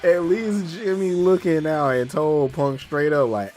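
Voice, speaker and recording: A man streaming a casual live watch-along, talking excitedly with slang, laughing often and repeating himself. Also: a little high, unhurried. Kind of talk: casual live reaction chat.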